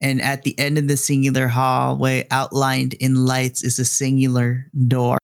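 A man narrating a tabletop game as game master, slow and deliberate as he sets scenes. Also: medium pitch, completely flat delivery, gravelly, dry recording, studio quality. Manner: drawn-out, deliberate narration with voiced characters.

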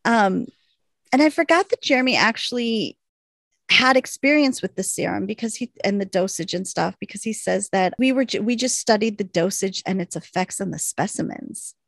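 A woman co-hosting a podcast, casually recapping a TV episode, animated and laughing often as she acts out the characters' lines. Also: medium pitch, moderate pace, vocal fry, dry recording. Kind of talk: casual chat.

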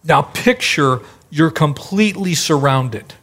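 A man's voice: a little high, lively intonation, slow pace, fairly bright tone, husky. A middle-aged male pastor preaching a sermon in a conversational way, acting out the voices in the stories he tells.

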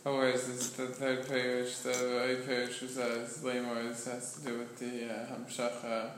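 A man's voice: medium pitch, completely flat delivery, normal speed, fairly bright tone. A man in a group study of a religious text, asking questions and challenging the explanation. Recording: echoey room with clear background noise.

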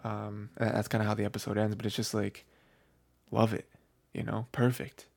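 A man hosting a podcast, recapping anime episodes in a rambling, excitable way full of filler phrases. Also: lowish voice, moderate pace, gravelly, dry recording. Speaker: podcast host.

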